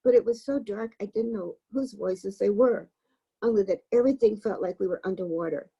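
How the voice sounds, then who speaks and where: A woman reading a novel aloud for a book club, in a gravelly, husky voice. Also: mid-range voice, brisk, dark tone, dull audio.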